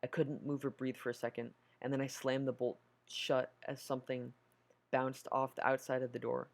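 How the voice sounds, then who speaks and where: A man's voice: mid-range voice, level tone, normal speed, vocal fry. A man reading a horror story aloud, nervous, stumbling over words and correcting himself. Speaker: story narrator.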